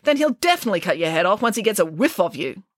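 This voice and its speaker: A woman's voice: mid-range voice, big pitch swings, quick pace, no room sound, clean studio sound. A woman voicing a blunt, grumbling female housekeeper in a storybook reading, with a tart, scolding delivery.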